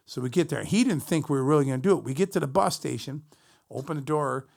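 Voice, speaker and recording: A middle-aged man, a musician, casually telling a long profane story to his stream chat, animated and rambling. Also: a little high, fast talker, vocal fry.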